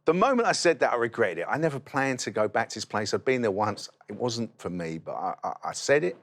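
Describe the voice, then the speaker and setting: A man, a guest in an interview, telling his testimony as a lively storyteller who acts out the dialogue. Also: mid-range voice, fast.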